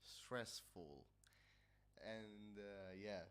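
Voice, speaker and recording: An Italian-accented man with a nasal, lowish voice chats unhurriedly into a headset mic. He talks slowly, with many fillers and pauses while he hunts for English words. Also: a bit bright, smooth. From Italy. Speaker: livestreamer. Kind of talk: casual chat.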